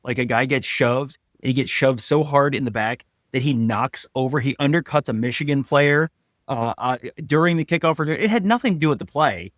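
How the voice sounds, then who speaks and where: A man co-hosting a sports podcast, telling stories with wry humor and quick mock voices. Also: mid-range voice, a bit bright, no echo, studio quality. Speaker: podcast co-host. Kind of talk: casual sports chat.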